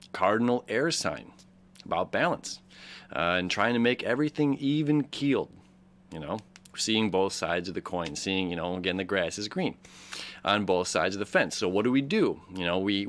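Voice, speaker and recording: Rambling man, slightly low voice. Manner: rambling, many fillers and restarts. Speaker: astrology host. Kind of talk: casual explanatory monologue.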